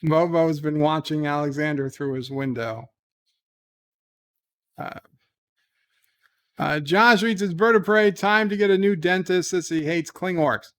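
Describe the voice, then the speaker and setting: A man hosting a casual livestream from home, reading viewer messages aloud and answering them with animated emphasis. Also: on the high side, a little slow, long pauses. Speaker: livestream host reading chat. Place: home, talking from bed.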